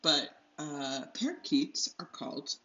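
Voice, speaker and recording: A woman's voice: low voice, big pitch swings, slow pace, bright, forceful tone, faint music behind. A young woman hosting an art tutorial, chatting casually while she paints at home, rambling, losing her train of thought and laughing often. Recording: slightly dull lo-fi sound.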